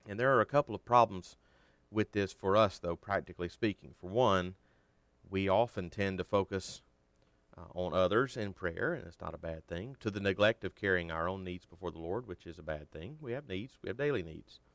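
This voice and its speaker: Casting: low-voiced man, earnest Bible teacher, dry close sound. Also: fairly bright tone, no echo. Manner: earnest, measured, stresses key words.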